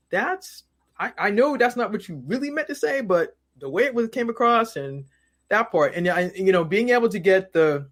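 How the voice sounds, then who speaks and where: A man as an interview guest, talking casually and acting out the voices of people in his stories, often repeating words as he goes. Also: high-pitched. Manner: animated storyteller who acts out quoted voices, repeats words.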